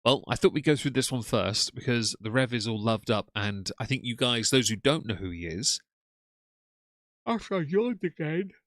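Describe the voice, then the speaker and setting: A man's voice: mid-range voice, fairly quick, few pauses, fairly bright tone, no echo, studio quality. A man hosting a live stream. He greets viewers one by one in a chatty, rambling way, with lots of ums and the odd yawn. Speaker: livestream host.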